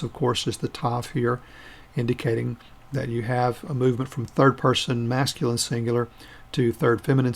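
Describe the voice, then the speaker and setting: A man of ordinary pitch leads a recorded grammar lesson. He explains each form step by step in a patient, methodical way. He pauses so learners can repeat words after him. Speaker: Hebrew teacher.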